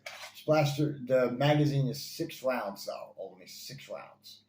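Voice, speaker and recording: A man's voice: medium pitch, slow, darkish tone. A man reviewing toy blasters in casual chat, enthusiastic and rambling, with lots of fillers and repeats. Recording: echoey room, faint ambience.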